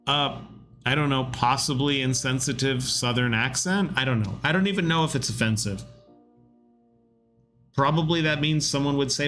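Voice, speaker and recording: A man in his thirties streaming a game devlog, rambling casually with lots of fillers and getting animated when he quotes people. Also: medium pitch, normal speed, faint music behind. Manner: rambling, self-deprecating, with many fillers. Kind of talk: casual livestream chat.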